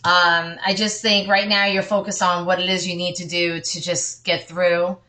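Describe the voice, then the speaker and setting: A woman's voice: fairly low pitch, flat delivery, moderate pace, sharp tone. A woman doing a casual tarot reading for her viewers, chatty and reassuring, breaking off often for apologetic asides. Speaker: tarot card reader.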